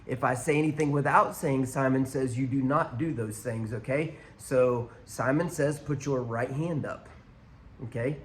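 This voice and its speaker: A man's voice: mid-range voice, measured pace, slight background noise. Man preaching a casual sermon. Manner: conversational preaching to an online audience. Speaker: pastor.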